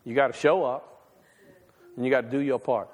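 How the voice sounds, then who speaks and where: A man preaching a sermon to his congregation, folksy and conversational, swinging between loud and quiet. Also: medium pitch, fairly even intonation, normal speed, long reverb tail. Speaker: pastor. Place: church sanctuary.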